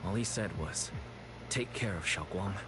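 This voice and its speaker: Calm caring young companion, lowish voice, game music going. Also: male voice, a little slow, low-quality recording. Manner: calm, explanatory.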